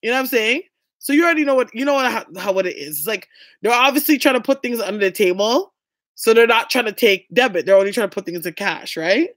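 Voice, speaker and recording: A woman's voice: a little high, expressive, quick pace, dry recording, clean studio sound. A young woman vlogging, telling a story to her viewers in a blunt, chatty way and swearing freely.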